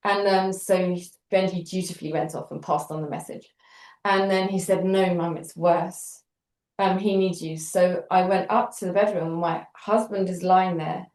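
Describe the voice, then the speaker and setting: A middle-aged British woman telling a story in an interview, animated and wry, acting out the dialogue as she goes. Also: lowish voice, a little slow. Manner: animated, acts out quoted dialogue with wry humour. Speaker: interview guest. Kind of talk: conversational storytelling. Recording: roomy echo.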